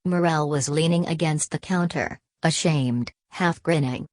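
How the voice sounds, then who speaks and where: A woman narrating a classic novel as an audiobook in a steady, measured way. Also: deep voice, dry recording. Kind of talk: novel reading.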